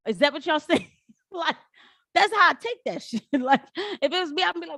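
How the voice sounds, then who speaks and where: A woman commenting on a live stream in casual slang, animated and laughing often. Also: high-pitched, moderate pace, dry recording, studio quality.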